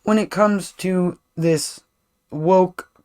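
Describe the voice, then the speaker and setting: A man's voice: sits high, steady tone, extremely slow, a little mellow, clear, resonant tone. A man co-hosting a podcast, chatting casually and rambling with restarts and casual swearing, talking as a parent. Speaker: podcast co-host. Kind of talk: casual chat.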